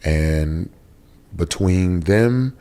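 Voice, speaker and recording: A man's voice: deep voice, animated, drawn-out words, dark tone. A man from Texas, an interview guest giving a candid, emotional personal testimony with casual slang. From Texas, USA.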